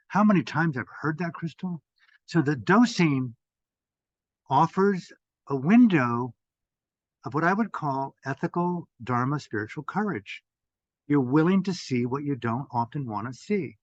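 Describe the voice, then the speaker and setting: Older male teacher, fervent and profane, slightly high voice, dry dull lo-fi audio. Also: expressive, a little slow, no room sound. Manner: intense, profane, swings from loud to hushed. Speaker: meditation teacher. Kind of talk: impassioned talk.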